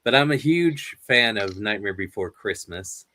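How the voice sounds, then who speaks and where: Male host, unhurried, giggly storyteller, casual interview chat. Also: fairly low pitch, expressive, sharp tone. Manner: rambling, laughs often between stories.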